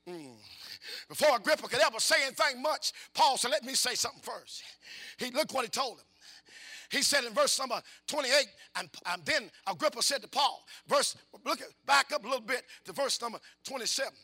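High-voiced, sharp-toned preacher man. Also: animated, a little fast. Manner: swings from hushed asides to fervent shouting; folksy, repetitive, questions the congregation. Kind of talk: call-and-response sermon.

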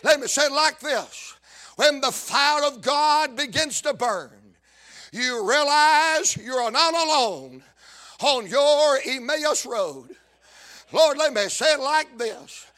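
A man preaching a sermon, shouting and chanting his lines in a sing-song cadence. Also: very high voice, animated, takes it slowly.

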